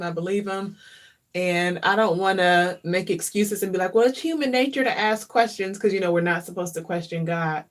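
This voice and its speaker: Speaking in a heartfelt, casual chat, this woman vlogger has a voice that sits a little low. She becomes reflective and openly emotional, and she tends to repeat phrases to drive them home.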